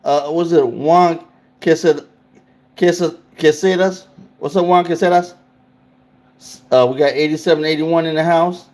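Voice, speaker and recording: A man's voice: on the high side, steady tone, unhurried, pauses often, darkish tone. A man hosting a casual livestream, talking loosely and in slang straight to his chat. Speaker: livestream host.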